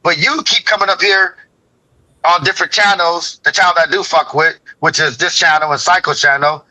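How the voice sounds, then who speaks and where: Hombre discutiendo acalorado, voz aguda y brillante. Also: male voice, fairly high pitch, fairly even intonation, a little fast, bright, forceful tone, low-quality recording. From Oregon, USA. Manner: confrontational, repetitive, profane. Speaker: caller in a live debate stream. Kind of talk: heated argument.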